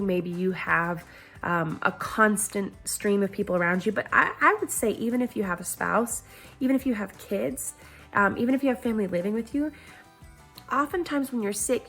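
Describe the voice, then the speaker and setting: A young woman talking to camera in a casual, earnest way, rambling a little, with many ums and short laughs between her thoughts. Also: medium pitch. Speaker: vlogger on a health challenge.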